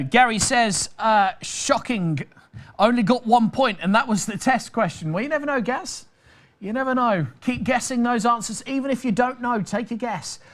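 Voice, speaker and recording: A British man hosting a live online quiz, reading out questions and answer options with chatty, jokey patter. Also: sits high. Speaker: quiz master.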